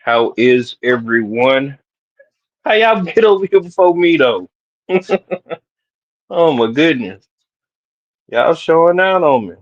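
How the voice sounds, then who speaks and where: A man's voice: on the high side, big pitch swings, slow pace, pauses often, dry recording. A middle-aged man casually chatting on a live stream, greeting viewers by name and laughing often, recorded in his home garage. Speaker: livestream host. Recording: dull lo-fi stream audio.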